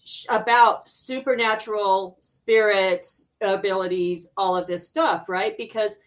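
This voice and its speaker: A middle-aged woman from Arizona speaks as a guest on an interview show, telling her own story about her work as an intuitive healer. She talks animatedly, laughs often and acts out the voices of people in her story. Her pitch sits in the usual middle range for a woman. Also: steady tone, measured pace. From Arizona, USA. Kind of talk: personal storytelling in a conversational interview.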